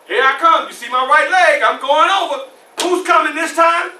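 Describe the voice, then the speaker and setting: A male reenactor playing a formerly enslaved man who recounts his youth in an animated one-man stage show, shouting at tense moments, in a library room. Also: very high voice, unhurried, slight background noise, heavily acted. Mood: wry. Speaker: historical reenactor. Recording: roomy library room, mic far off.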